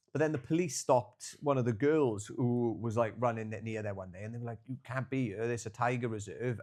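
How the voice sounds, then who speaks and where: A young man co-hosting a podcast, his voice sitting at a middling pitch. He tells long, rambling travel stories in a loose, casual way, full of fillers and swearing. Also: a little mellow. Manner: rambling storyteller, swears freely, filler-heavy. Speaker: podcast co-host. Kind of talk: casual chat.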